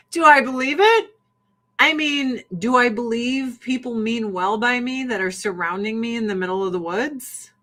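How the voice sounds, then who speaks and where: A woman's voice: a little high, measured pace, sharp tone. A woman in a casual political rant, blunt, sarcastic and often profane. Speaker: livestream host.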